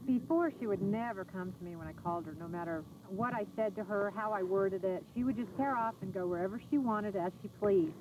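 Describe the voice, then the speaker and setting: A woman dog owner speaking outdoors during a training session, soft and unhurried, on an old VHS tape. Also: mid-range voice, background noise. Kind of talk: casual commands and comments.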